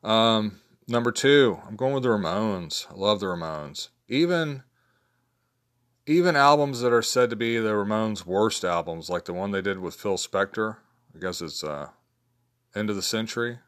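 A man in his fifties rambles in a low-key way through his favorite picks, speaking at a normal pace with a fairly bright tone. He uses lots of fillers and keeps restarting his sentences.

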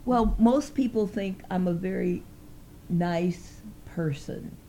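A woman's voice: fairly low pitch, slow pace, vocal fry, warm tone. A middle-aged woman, a host's mother, talking bluntly and cynically as a guest in a casual chat.

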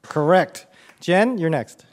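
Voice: mid-range voice, lively intonation, slow. A quiz co-host explaining the rules and teasing the contestants. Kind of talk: running a quiz round.

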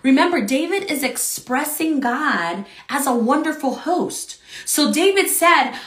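Bright-voiced woman teaching a Bible study. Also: high-pitched, lively intonation, a little slow, few pauses, reverberant. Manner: fervent, preacherly, with frequent "right?" tags.

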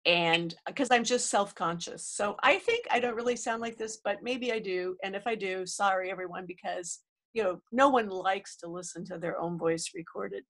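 A woman's voice: medium pitch, moderate pace, fairly bright tone. A woman with a nasal voice, fighting a cold, co-hosting a podcast in chatty, self-deprecating talk. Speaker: podcast co-host. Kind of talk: casual chat.

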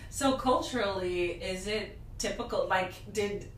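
A woman's voice: medium pitch, a little slow, far from the mic. A woman co-hosting a podcast, reacting to a story with short playful asides. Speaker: podcast co-host. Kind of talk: casual chat, reacting to a guest's story. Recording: echoey room, a bit off mic, faint noise.

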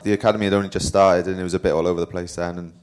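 Low, flat-voiced man. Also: very fast, a little hiss or hum. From Wales. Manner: rambling, self-deprecating, with filler words. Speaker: interview guest, professional cyclist. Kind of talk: casual storytelling at a live talk.

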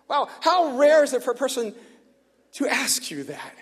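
A man preaching at a church gathering, his voice pitched high for a man and a little husky. He tells the story in an animated way, tripping over repeated "and"s and chuckling between phrases. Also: moderate pace. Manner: animated storyteller, repeats "and" often, laughs along. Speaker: pastor. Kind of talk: storytelling sermon. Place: church gathering before a live audience.

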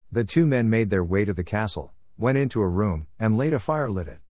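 A man narrating a folk tale in a steady, plain way. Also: fairly low pitch, a little fast, dry recording, clean studio sound. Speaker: storyteller.

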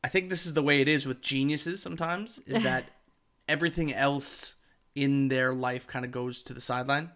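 A man co-hosting a casual podcast, walking his co-host through the week's football news. He talks with eager enthusiasm and fills gaps with ums and uhs. His pitch sits at an ordinary middle height for a man. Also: fairly quick, fairly bright tone. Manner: enthusiastic, explanatory, lots of fillers. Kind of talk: casual chat.

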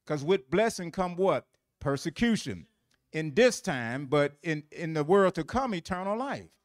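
A man's voice: a little high, big pitch swings, measured pace. Man teaching scripture with call-outs. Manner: quizzes listeners with fill-in questions; repeats phrases for emphasis. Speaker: Bible teacher. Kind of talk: Bible teaching sermon.

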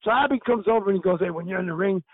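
A man's voice: high-pitched, rapid-fire, no room sound, phone-quality sound. An older man, a retired pro wrestler, telling stories in a casual chat, laughing often and acting out what others said. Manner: animated, laughing often, acts out quoted lines. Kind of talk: casual storytelling.

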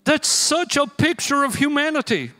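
A pastor preaching a sermon in a church, telling stories with energetic, emphatic bursts. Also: male voice, very high-pitched, moderate pace. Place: church sanctuary. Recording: long hall reverb with faint music.

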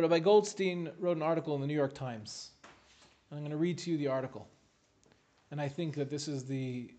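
A man speaking earnestly and reading a long article aloud in a steady, emphatic way. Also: on the high side. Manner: soft, hushed at first, then a steady, emphatic reading.

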